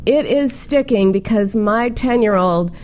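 A middle-aged woman hosting a casual interview, chatty and animated as she tells stories. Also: on the high side, measured pace. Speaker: show host.

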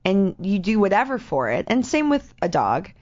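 A woman chatting casually in an animated, rambling way, often laughing as she talks. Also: medium pitch, moderate pace. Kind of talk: casual chat. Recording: dull lo-fi sound.

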